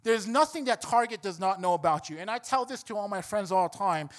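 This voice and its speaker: High-voiced animated male preacher. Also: fairly quick. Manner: animated, building to emphatic preaching. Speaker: pastor. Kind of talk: sermon.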